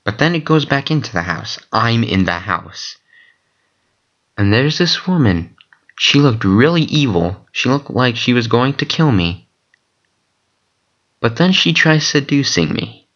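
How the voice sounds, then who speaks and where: Excitable man rambling on lo-fi mic. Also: mid-range voice, measured pace, pauses often. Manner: excitable, profane, rambling with fillers. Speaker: vlogger recounting dreams. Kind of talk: casual storytelling monologue.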